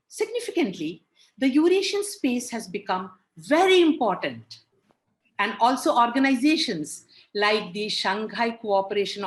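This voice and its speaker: A woman giving a formal academic presentation at a conference, in a measured, emphatic delivery. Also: on the high side. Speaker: conference speaker.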